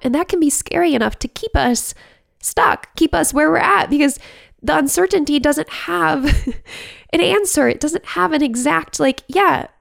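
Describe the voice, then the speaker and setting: A woman's voice: high voice, normal speed, creaky, no room sound, clean studio sound. A woman giving a heartfelt, reflective talk to camera about recovery. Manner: heartfelt and searching.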